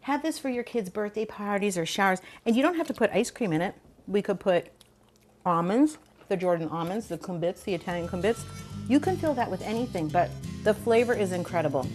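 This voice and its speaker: A woman's voice: medium pitch, expressive, a little fast, a little mellow, faint music behind. An older woman hosting a cooking show, chatting enthusiastically as she demonstrates a recipe.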